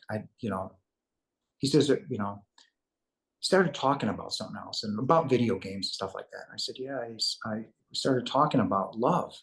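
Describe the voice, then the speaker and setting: A man telling a personal spiritual story in a rambling, earnest way, acting out the dialogue. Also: on the low side. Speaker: guest telling his near-death story. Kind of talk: casual storytelling.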